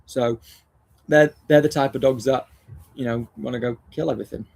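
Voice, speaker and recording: A man's voice: mid-range voice, steady tone, normal speed, creaky, a little mellow, husky. A man, a dog trainer hosting a casual live discussion, talking bluntly, swearing often and restarting his phrases.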